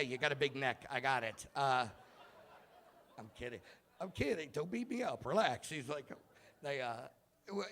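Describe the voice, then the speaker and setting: A man in his thirties doing a stand-up comedy set in a club, telling self-mocking stories about his kids and bursting into shouted punchlines. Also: on the high side. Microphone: handheld stage mic.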